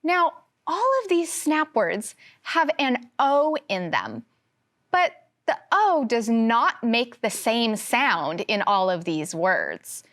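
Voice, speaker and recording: Slow, lively-voiced teacher woman. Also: fairly high pitch. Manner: slow, clear, sounding out words for young children. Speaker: first grade teacher. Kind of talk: televised classroom phonics lesson.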